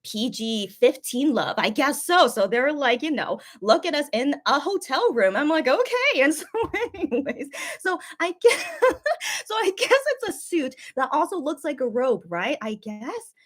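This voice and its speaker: A woman's voice: high voice, big pitch swings, measured pace. A woman chatting casually on a livestream as host, rambling and giggling, with lots of fillers and restarts, a little sick after a booster shot. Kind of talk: casual live-stream chat.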